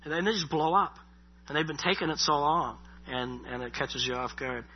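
A man's voice: a little high, normal speed, breathy edge. A middle-aged man preaching a sermon in a loose, conversational way, often repeating himself and saying "you know". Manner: conversational, repeats words, many you-knows. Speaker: pastor. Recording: dull lo-fi sound.

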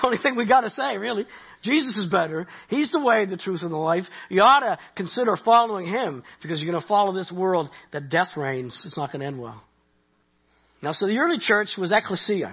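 A middle-aged Canadian pastor preaching in a loose, conversational way, his voice high and husky. He builds to animated peaks and drops back to quiet asides. The recording sounds dull and lo-fi. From Nova Scotia, Canada. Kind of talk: sermon.

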